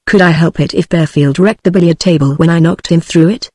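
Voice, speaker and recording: A synthetic woman's voice with a British English accent reads a story aloud in a steady, even way. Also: fairly low pitch, fairly quick, dry recording. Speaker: narrator. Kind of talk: text-to-speech audiobook reading.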